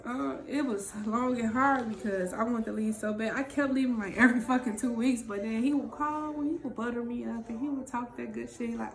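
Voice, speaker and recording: A woman's voice: on the high side, brisk, hardly any pauses, roomy sound. A woman candidly telling her own story in a raw, emotional, profane way, as a vlog co-host.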